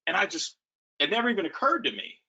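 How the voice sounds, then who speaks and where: A man who coaches, telling animated stories in a casual webinar talk. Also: high-pitched, quick pace, husky. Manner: animated storytelling. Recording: muffled lo-fi call audio.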